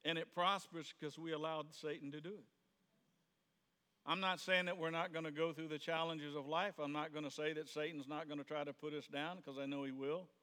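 A male pastor gives a sermon in a church sanctuary, talking to his congregation in a loose, conversational way. His voice is bright and a little high, and he slips into the voices of the people in his stories. A long reverb from the hall trails behind his words. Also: little pitch movement, fairly quick, clean tone. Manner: conversational, plays out quoted voices, rises to sudden shouts.

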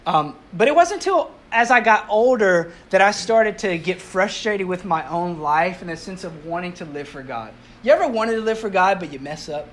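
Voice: medium pitch, lively intonation, normal speed, few pauses. A pastor giving a sermon to a congregation in a conversational way, asking the audience rhetorical questions and mixing in light humor.

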